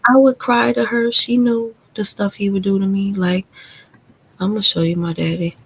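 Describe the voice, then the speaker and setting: A woman hosts a live stream and tells a painful personal story. She speaks candidly and swears freely. Her voice is gravelly and husky and sits at an ordinary pitch. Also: flat delivery, normal speed, poor audio. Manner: candid, confiding, profane. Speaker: livestream host.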